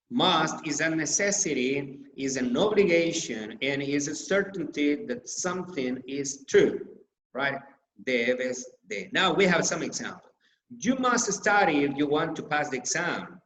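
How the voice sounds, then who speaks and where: A man whose first language is Spanish, teaching English grammar from slides, slowly repeating example sentences and stressing key words. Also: fairly high pitch, a bit bright. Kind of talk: slide-based grammar lesson. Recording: echoey room.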